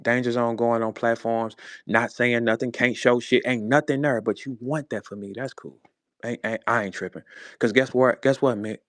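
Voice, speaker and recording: A man from St. Louis ranting in a heated, casual way, blunt and profane, swinging between low grumbles and sharp high-pitched outbursts. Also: no echo. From St. Louis, USA. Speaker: rapper speaking in an audio chat room.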